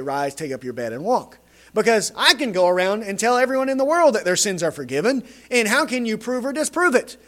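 A man preaching a sermon, emphatic and repeating his key phrases. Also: high voice.

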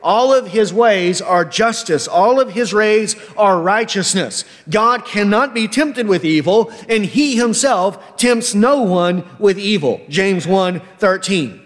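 A man preaching an expository sermon, emphatic and often checking in with a quick "right?". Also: sits high, animated, big-room sound. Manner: emphatic, frequent tag question "right?".

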